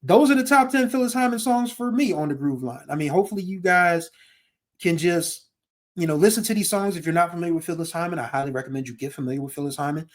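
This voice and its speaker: A man hosts a casual music podcast in a slightly high voice. He talks in a heartfelt, rambling way, circling back on his thoughts and now and then singing a line of a song. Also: fast. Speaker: podcast host.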